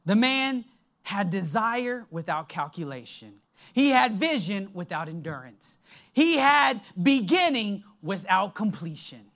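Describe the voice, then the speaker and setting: Preacher, slow emphatic sermon, bright tone, pitch rising and falling widely. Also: big pitch swings. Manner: emphatic, slow and deliberate, drops low for stress.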